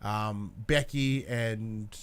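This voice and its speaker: A man co-hosting a podcast, recapping wrestling in a rambling, self-correcting, excitable way. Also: lowish voice, extremely slow, clear, resonant tone. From Australia. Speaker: podcast co-host. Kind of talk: casual chat recapping wrestling.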